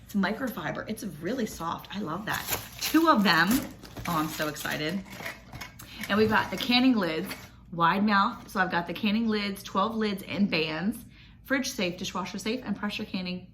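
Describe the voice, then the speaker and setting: A woman, chatting excitedly and gushing as she unboxes a package for her vlog. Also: mid-range voice, normal speed, slight background noise. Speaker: homestead vlogger. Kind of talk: casual unboxing chat.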